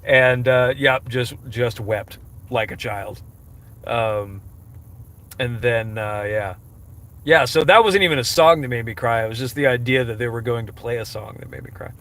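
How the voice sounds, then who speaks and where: A man's voice: mid-range voice, moderate pace, fairly bright tone. Rambling man live-streaming. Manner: rambling, heavy on fillers and restarts; wry, self-mocking. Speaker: livestreamer answering chat questions. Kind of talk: casual live-stream chat.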